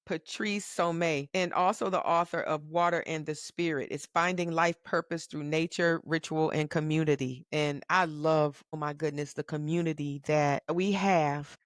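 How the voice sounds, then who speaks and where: A woman's voice: deep voice, steady tone, moderate pace, hardly any pauses, no echo, studio quality. A woman co-hosting a spiritual conversation show. She talks earnestly and reflectively, and turns emphatic and fervent when she makes her point. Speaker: podcast co-host.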